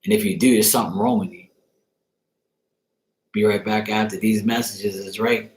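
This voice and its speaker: A man's voice: lowish voice, fairly even intonation, moderate pace. A man hosting a tarot channel, telling a profane story in a casual, laughing rant. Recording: roomy echo.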